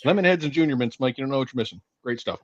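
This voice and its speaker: A man's voice: mid-range voice, animated, rapid-fire, lo-fi sound. A man co-hosting a casual live stream, joking and teasing, with laughs between his remarks. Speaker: co-host.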